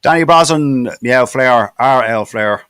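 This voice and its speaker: A man's voice: mid-range voice, a bit bright, smooth, dry recording. Irish man hosting, reading out comments. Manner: halting, many fillers and restarts. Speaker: podcast host. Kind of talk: casual chat, reading viewer comments.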